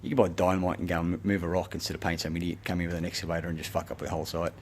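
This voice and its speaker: A man with an Australian accent rants in a long, self-recorded monologue, swearing often and jumping from point to point. His voice sits very low, and a faint hiss runs underneath. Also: little pitch movement, rapid-fire. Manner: profane, agitated, rambling ranting. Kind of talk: rambling monologue.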